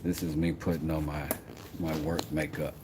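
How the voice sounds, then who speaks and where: A man's voice: extremely low pitch, little pitch movement, normal speed. A man streaming live and chatting casually while doing woodwork, joking and talking to himself as he goes. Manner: jokey, talks to himself while working. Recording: noisy background ambience.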